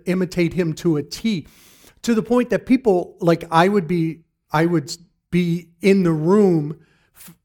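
A middle-aged man giving a personal faith testimony in an earnest, halting way, often restarting his sentences. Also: on the high side, darkish tone. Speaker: church member giving testimony.

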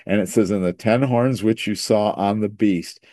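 A man's voice: fairly low pitch, normal speed, dark tone, no room sound. A man preaching a sermon that teaches through scripture. He often stops and repeats words as he builds toward each point.

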